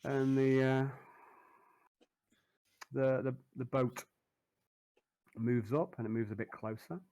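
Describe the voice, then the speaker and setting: A man's voice: mid-range voice, fairly even intonation, takes it slowly, mellow, rough recording. A man narrating a tabletop game as game master, hesitant with many fillers.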